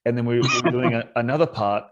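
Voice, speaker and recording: A man's voice: mid-range voice, brisk, muffled recording. A man hosting a podcast, telling stories in a casual, rambling way and laughing often. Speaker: podcast host. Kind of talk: casual chat.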